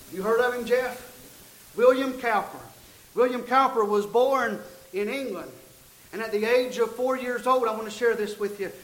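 A male preacher tells a story from the pulpit in a folksy way, doubling back on his words. His voice sits very high, and it echoes around a church room. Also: a bit bright. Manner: folksy, repeats and restarts phrases. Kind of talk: storytelling sermon.

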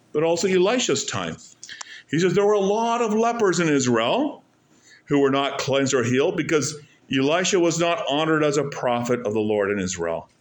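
A man preaching a sermon, asking rhetorical questions and stressing points with pauses and sudden drops in volume. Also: on the low side, a bit bright. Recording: echoey room.

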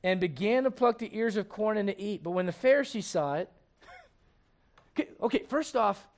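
High-voiced impassioned man preaching a sermon. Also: animated, moderate pace. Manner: impassioned and conversational, full of rhetorical questions.

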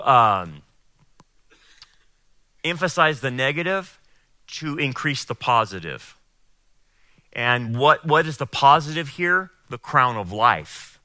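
A man preaching and teaching the Bible, emphatic, acting out quotes in a raised voice and then explaining calmly. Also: mid-range voice, no room sound, studio quality. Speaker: pastor.

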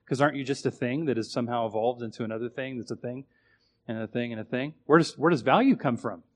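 A man delivers a sermon in a mid-range voice, chatty rather than formal. He keeps turning questions on his listeners and swings from forceful emphasis to quiet asides. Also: medium pitch, quick pace. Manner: conversational, asks the audience questions; animated, swings from loud to quiet. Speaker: preacher.

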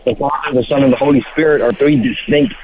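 A man calling into a radio show, asking his question hesitantly with many pauses. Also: medium pitch, steady tone, slight background noise. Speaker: caller. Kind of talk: phone-in question. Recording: tinny phone line.

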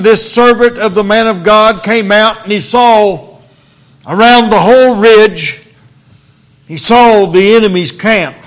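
A man preaching in a church, reading scripture aloud slowly and then speaking earnestly to the congregation. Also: high-pitched, a bit bright. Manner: slow, deliberate King James reading, then earnest preaching.

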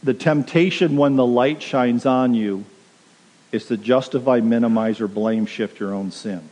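A man's voice: mid-range voice, unhurried, a little mellow. A pastor preaching a sermon, earnest and direct, urging his listeners plainly. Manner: earnest, direct exhortation with quoted asides. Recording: long reverb of a large hall.

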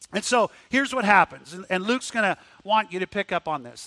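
A man preaching a sermon, swinging from loud rising questions to hushed, low tones, often repeating words as he restarts. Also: dry recording. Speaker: pastor.

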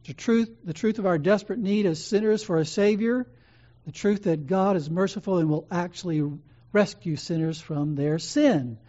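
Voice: medium pitch, normal speed, warm tone. A preacher delivering an earnest sermon, repeating key phrases with emphatic build-ups, in a slightly dull recording.

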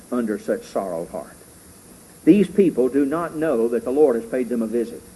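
A middle-aged man preaching a sermon as pastor, fervent and rising loud when he reads scripture. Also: mid-range voice, breathy edge, poor audio.

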